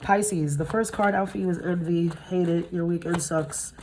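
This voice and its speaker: A woman's voice: normal speed, noisy background. Blunt, profane woman reading tarot cards. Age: 30s. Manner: blunt and profane, swears freely; animated, jumps up in pitch when excited. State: tired from little sleep. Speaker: tarot reader.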